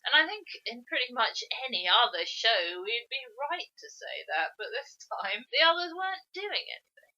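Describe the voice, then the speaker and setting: A woman's voice: on the high side, normal speed. A woman co-hosting a podcast, chatting casually about old TV and acting out the lines she quotes. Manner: animated, acts out quoted lines. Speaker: podcast co-host. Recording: slightly muffled podcast audio.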